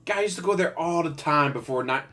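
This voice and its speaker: A man rambles through casual stream commentary, sarcastic and quick to laugh at his own jokes. His voice has a bright, forward edge, caught close on a desktop microphone, with faint music running underneath. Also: fairly high pitch. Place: home setup. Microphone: desktop USB microphone.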